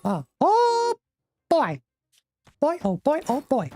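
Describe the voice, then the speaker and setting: A man streaming a card game while putting on a squeaky, high cartoon mouse voice and swearing in character. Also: wildly swooping pitch, slow, dark tone, exaggerated voice. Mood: squeaky playful. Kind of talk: live game stream chat.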